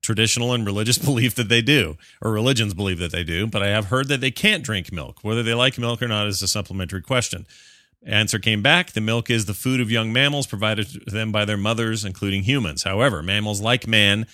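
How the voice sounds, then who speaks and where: A man co-hosts a relaxed podcast, thinking out loud and circling back on his own sentences. His voice sits a bit low but has a bright, forward tone. The sound is dry and close. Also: fast talker, no echo. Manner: rambling, self-interrupting, reads answers aloud. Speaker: podcast co-host. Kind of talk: casual chat.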